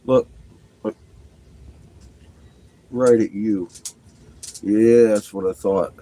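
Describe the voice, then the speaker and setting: Man, home livestreamer, relaxed and slow-talking, loose and profane, chatting with viewers and his dog. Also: on the low side, low-quality recording. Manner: laughs often, swears, banters with his dog. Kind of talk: casual livestream chat.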